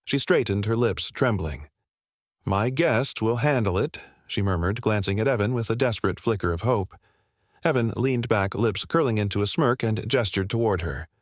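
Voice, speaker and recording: A man reading a scripted dramatic story as narrator, in an even, measured way. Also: lowish voice, no room sound, clean studio sound.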